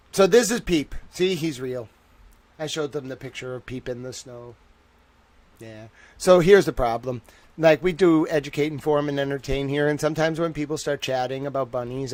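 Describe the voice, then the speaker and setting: Animated rambling male livestream host. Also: fairly high pitch, no echo. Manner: rambling and animated, reads chat aloud. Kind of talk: casual livestream chat.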